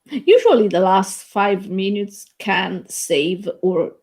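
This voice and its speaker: Woman, podcast co-host, calm measured delivery, casual film talk. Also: medium pitch, breathy edge. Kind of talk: casual film review chat.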